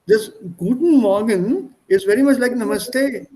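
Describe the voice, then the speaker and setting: High-voiced man with an Indian accent teaching. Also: unhurried, mellow, rough recording. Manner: explains German words with English synonyms, code-switches into Hindi. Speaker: German teacher. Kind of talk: online language class. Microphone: video call.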